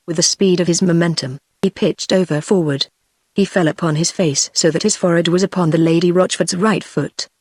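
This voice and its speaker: A text-to-speech voice of a woman with a British accent, narrating an audiobook in an even, measured way. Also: lowish voice, no room sound, clean studio sound. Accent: British English. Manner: even, measured synthetic delivery.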